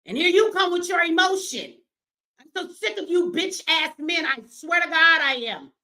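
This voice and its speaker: A woman running a live stream, confrontational and profane, swinging between yelling at viewers and slow, emphatic explaining. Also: very high voice, expressive. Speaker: livestreamer answering her chat; business owner.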